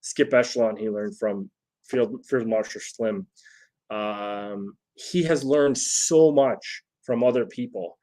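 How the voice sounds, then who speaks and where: His voice sits on the low side and is mellow, and he takes his time. In a home setup near a phone, he delivers a loose solo leadership talk to viewers, restarting often and repeatedly asking "right?"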